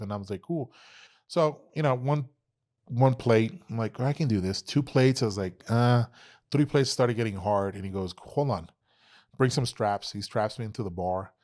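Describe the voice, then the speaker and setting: A man's voice: medium pitch, brisk. A man in his thirties from Texas, a podcast guest telling stories in casual talk, swearing a lot and acting out what people said. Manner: animated, heavy swearing, acts out quoted exchanges. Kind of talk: casual interview storytelling.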